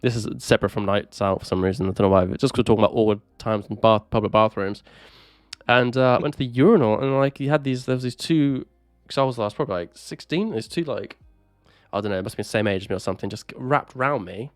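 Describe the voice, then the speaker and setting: A man's voice: fairly low pitch, quick pace, no room sound. A young man from England, co-hosting a podcast and telling rambling, self-mocking stories full of fillers. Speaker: podcast co-host. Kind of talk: casual chat.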